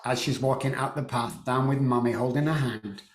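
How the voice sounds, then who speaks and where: A middle-aged man telling a painful personal story in a halting way, repeating words and often clearing his throat. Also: medium pitch, fairly even intonation, reverberant, a little hiss or hum. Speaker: guest.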